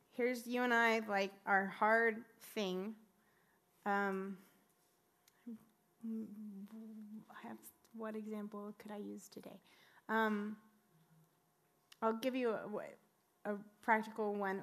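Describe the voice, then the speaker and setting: A woman's voice: mid-range voice, fairly bright tone. A woman in her thirties preaching a sermon, telling a personal story and rising to fervent exclamations.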